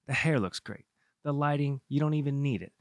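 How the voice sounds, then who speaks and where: A man's voice: medium pitch, a little fast, no room sound, studio quality. A man co-hosting a casual sports talk show, playful and jokey, poking fun at himself. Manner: playful, jokey, self-mocking. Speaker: co-host.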